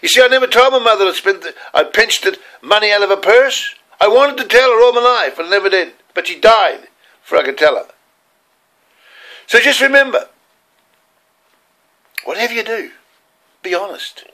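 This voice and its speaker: The older Australian man's voice is high and quick, with lively intonation and a sharp edge, as he rambles earnestly through memories of his childhood.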